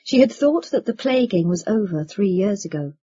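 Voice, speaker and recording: Husky woman narrating a novel. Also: medium pitch. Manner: measured, expressive reading. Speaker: audiobook narrator. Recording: dull lo-fi recording.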